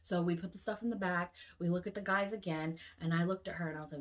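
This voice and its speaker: A woman vlogger with a lowish voice tells a long dream story at a quick pace. She keeps it animated and casual, swears often, and acts out the lines.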